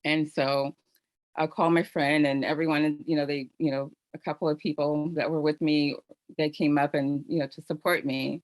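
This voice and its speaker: A middle-aged woman with a lowish voice shares a personal story on an online panel. Her delivery is earnest and heartfelt, with plenty of conversational fillers. The sound is dry and close, as if from a video call microphone. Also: moderate pace, no room sound. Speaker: panel host sharing her own story. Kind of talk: personal testimony on a virtual panel.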